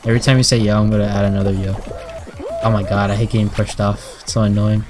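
A man's voice: on the low side, flat delivery, fast talker, music in the background. A man joking around in casual chat with friends while gaming. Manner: joking banter. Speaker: gamer.

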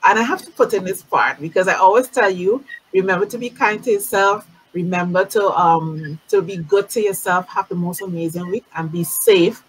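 A woman's voice: on the low side, moderate pace, few pauses, a little hiss or hum, rough recording. A woman hosting a casual live-stream chat, chatty and full of fillers, heard over a video call. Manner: chatty, warm sign-offs with many fillers. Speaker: host.

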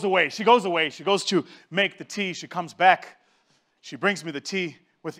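A man with a South African accent tells a funny story to a live audience, animated, joking and conversational. His voice is fairly high and he talks fairly quickly.

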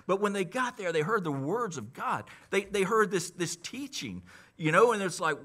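Bright, animated pastor preaching. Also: male voice, high voice, moderate pace. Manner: conversational, animated Bible teaching with many restarts. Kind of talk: sermon.

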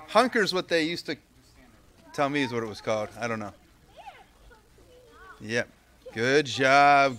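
A man in his thirties, a pastor, giving a children's sermon at an outdoor church service and telling stories in a lively way. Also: mid-range voice. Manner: lively storytelling with acted-out quotes.

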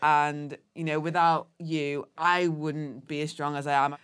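Woman, lowish voice, unhurried, earnest, encouraging, lively pitch. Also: clear, resonant tone. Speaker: reality show contestant. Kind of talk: casual chat.

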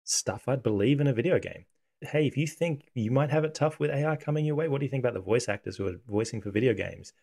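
A man hosting a casual coding tutorial, talking through software on screen in a relaxed, conversational way. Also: mid-range voice, fast talker, vocal fry, slightly rough. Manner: relaxed, conversational, thinks aloud.

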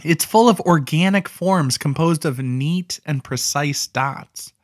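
A man hosts a casual art history talk, walking through a painting in a loose, conversational way. His voice sits a little higher than most men's, and he drops in offhand asides as he goes. The sound is dry and close, with no room around it. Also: slow, no room sound.

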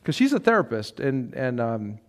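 A man's voice: very animated, moderate pace. A middle-aged man preaching a sermon as pastor, talking conversationally with restarts and now and then acting out quoted voices. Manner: conversational preaching with frequent restarts and light laughs; acts out quoted voices with sharp rises in pitch. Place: church sanctuary.

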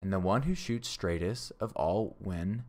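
A man's voice: sits low, unhurried, dark tone. A man reading aloud, voicing a hearty, jovial old male squire speaking to his nephew.

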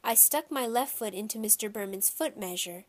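A woman reading a children's novel aloud in a steady storytelling voice. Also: medium pitch, moderate pace. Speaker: audiobook reader.

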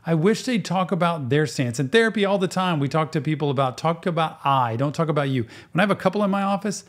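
A man's voice: on the high side, lively intonation, fast talker. Earnest male therapist giving commentary. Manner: earnest, advising. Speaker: therapist and reaction host. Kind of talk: casual reaction commentary.

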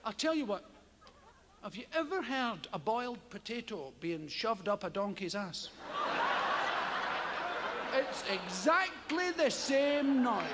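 A Scottish man doing stand-up, telling a profane story in an animated way and acting out yells and strange noises himself. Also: very high-pitched, slow pace, long pauses, big-room sound, very noisy. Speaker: stand-up comedian. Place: theatre stage before a live audience.

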